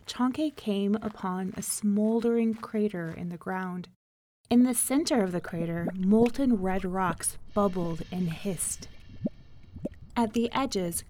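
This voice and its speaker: A woman reading a folk tale aloud as storybook narration, calm and measured. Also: mid-range voice.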